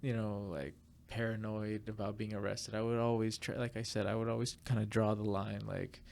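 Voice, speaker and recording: Gravelly guy rambling through a story on a podcast, lots of likes and you knows. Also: fairly low pitch, fairly quick, slight background noise. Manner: rambling, animated storyteller with many fillers. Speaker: podcast guest. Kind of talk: casual storytelling chat.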